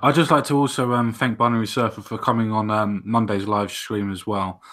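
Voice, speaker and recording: A man's voice: fairly low pitch, level tone, brisk, a bit bright. A man co-hosting a livestream chat, hesitant with many ums. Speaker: livestream co-host. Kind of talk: casual chat.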